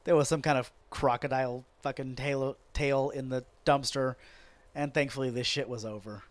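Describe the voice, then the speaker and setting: A man hosting a podcast, ranting sarcastically and profanely about wrestling in a casual, animated way. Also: mid-range voice, moderate pace, no room sound. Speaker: podcast host.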